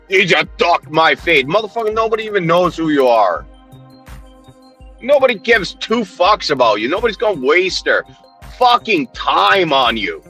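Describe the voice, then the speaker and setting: A man's voice: high-pitched, big pitch swings, normal speed, bright, forceful tone, husky, soft background music. A man ranting heatedly on a livestream, swearing constantly, mocking and confronting people while he answers his chat.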